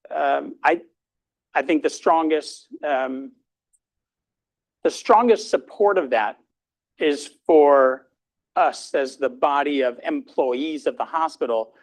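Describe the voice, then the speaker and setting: A middle-aged man speaks at a hospital grand rounds in a lecture room. He talks informally and haltingly, with many ums and restarts. His voice sits at an ordinary middle pitch. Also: low-quality recording.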